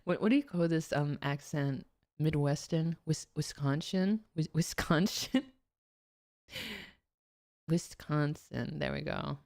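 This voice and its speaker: Woman, VTuber streamer, giggly, rambling, deep-pitched, dry recording. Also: moderate pace, vocal fry, warm tone, no echo. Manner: giggly, laughs often, rambling with fillers. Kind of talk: casual watchalong commentary.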